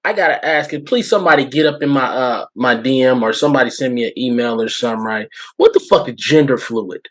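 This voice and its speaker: A man's voice: mid-range voice, fast talker. A man co-hosting a podcast who rants bluntly and swears freely in casual talk. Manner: blunt, profane ranting. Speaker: podcast co-host. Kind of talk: casual chat.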